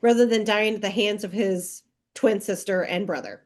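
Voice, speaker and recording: A woman co-hosting a podcast in casual book chat, playful and quick with jokey asides. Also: mid-range voice, steady tone, a little mellow. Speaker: podcast co-host.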